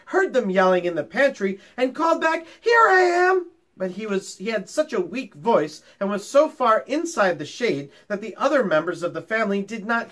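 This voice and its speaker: A male teacher reading a children's chapter book aloud and chatting with his young pupils about it. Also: high voice. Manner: animated, talks to children directly.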